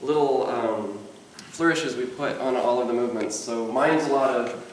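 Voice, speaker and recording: A man's voice: medium pitch, normal speed, noisy background. Stammering man in an echoey hall. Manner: mild natural stutter, repeats words. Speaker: convention panelist, mime performer. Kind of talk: casual panel talk. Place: convention panel room. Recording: echoey hall, far from the mic.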